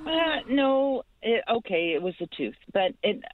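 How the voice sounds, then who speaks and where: A woman's voice: medium pitch, animated, moderate pace, no room sound. A woman calling in to a radio show, talking earnestly and brushing things off. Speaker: caller. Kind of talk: phone-in chat. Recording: tinny dry phone line.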